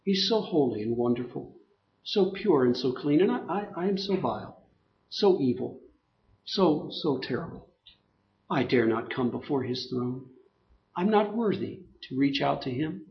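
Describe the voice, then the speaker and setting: A man voicing a sanctimonious, falsely humble worshipper who grovels in a hushed, overly pious way, on a dull lo-fi recording. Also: mid-range voice, animated, measured pace, gravelly, echoey room, slight background noise, pitched below the performer's own voice. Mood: groveling pious.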